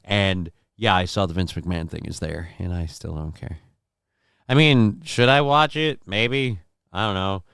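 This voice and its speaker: A man's voice: low voice, measured pace, vocal fry, fairly bright tone, smooth, no echo, studio quality. A man hosting a casual livestream from home, reading out viewer comments in a rambling, profane, self-deprecating way. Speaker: livestream show host.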